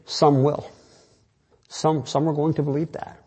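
A man's voice: a little high, level tone, unhurried, darkish tone, slightly rough. A man who is a pastor, preaching an earnest, rambling sermon full of restarts and fillers.

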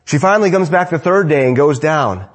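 A man preaching an evening sermon, rising to emphatic lines and dropping to hushed, low endings, repeating phrases for emphasis. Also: expressive, brisk.

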